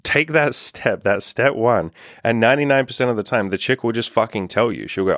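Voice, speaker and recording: A man's voice: mid-range voice, fairly quick, fairly bright tone, dry recording, studio quality. A man giving dating advice as a coach in a casual, blunt monologue, swearing freely and leaning on "like" as a filler. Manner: blunt, profane, lots of "like" fillers.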